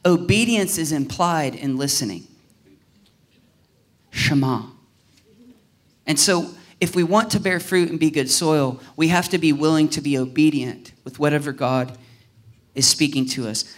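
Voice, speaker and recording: A man's voice: on the high side, a little slow, pauses often. A male pastor from Southern Ohio preaching a sermon in a casual, conversational way, acting out little dialogues. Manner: animated, acts out little dialogues in voices.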